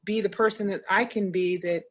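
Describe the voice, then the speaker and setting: A woman's voice: mid-range voice, fairly even intonation, fairly quick. A woman guest in a casual chat, speaking earnestly and repeating her point.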